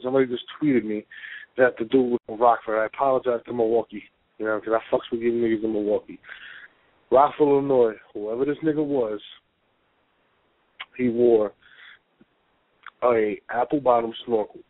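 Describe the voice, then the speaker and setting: A man's voice: medium pitch, fairly even intonation, normal speed, long pauses, dry recording. A man co-hosting a casual call-in talk show, laid-back and profane, laughing often. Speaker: co-host. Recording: tinny phone line.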